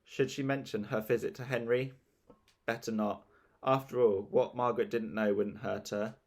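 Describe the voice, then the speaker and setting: A man reading a children's story aloud in a relaxed, playful way. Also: mid-range voice, normal speed.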